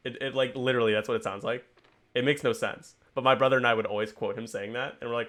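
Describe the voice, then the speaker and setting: A man hosting a casual game stream, rambling and telling stories with quick impressions. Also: mid-range voice, pushed and bright. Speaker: stream commentator and host.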